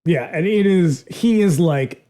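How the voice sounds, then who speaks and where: Casual podcast co-host; animated, salty delivery, warm dark tone. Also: medium pitch, a little slow. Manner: animated, profane, acts out quotes. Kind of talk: casual film discussion.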